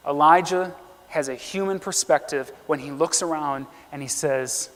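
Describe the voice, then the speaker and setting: A man preaches a sermon with a notably high voice. He reads scripture aloud and acts out the quotes earnestly. The sound carries the long reverb of a church hall. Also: normal speed, fairly bright tone. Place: church sanctuary.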